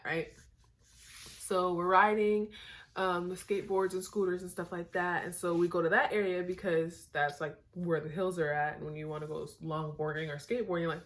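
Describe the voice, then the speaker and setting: Young woman rambling to her camera late at night, kinda low voice, lots of likes and ums. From Northern California. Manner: rambling, many "like" and "um" fillers; goofy and tired late at night. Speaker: vlogger. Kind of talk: casual storytelling to camera.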